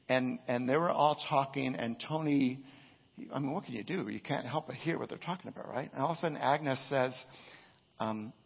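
A man's voice: mid-range voice, gravelly, husky. A male pastor preaching a sermon, telling a story in a loose, conversational way with many "right?" asides. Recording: echoey hall, dull lo-fi sound.

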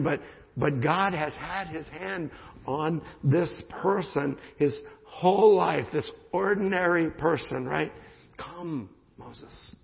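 A man preaching a sermon in an animated style, often asking his listeners "right?" as he goes. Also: on the high side, gravelly. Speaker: pastor. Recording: muffled sound in a reverberant hall.

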